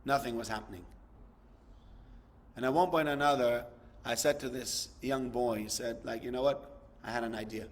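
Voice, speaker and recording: A man's voice: mid-range voice, steady tone, normal speed, pauses often. A man giving a sermon, telling a story and rising to impassioned emphasis. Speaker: rabbi giving a talk.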